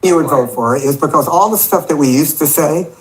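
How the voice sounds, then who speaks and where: Fast-talking man on a TV panel. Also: fairly high pitch, low-quality recording. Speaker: political panelist. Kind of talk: TV panel discussion.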